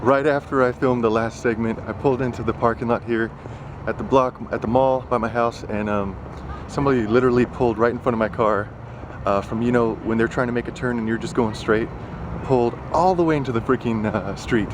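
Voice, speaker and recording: A man's voice: medium pitch, fairly even intonation, a little fast, background noise. A young man talking casually in a vlog, rambling and worked up, full of fillers and asides. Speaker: vlogger. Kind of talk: casual chat. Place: partly in a car.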